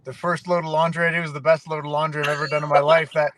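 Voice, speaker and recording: A Canadian man, a fighter guest on a podcast, telling animated, emotional stories in casual conversation. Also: on the high side, very fast, no room sound, rough recording. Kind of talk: casual interview.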